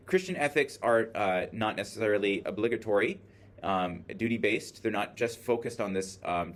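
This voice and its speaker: Man lecturing a class, lots of ums. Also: fairly low pitch. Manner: explains by thinking aloud, many filler words. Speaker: teacher. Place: classroom with a screen. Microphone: video camera in the classroom.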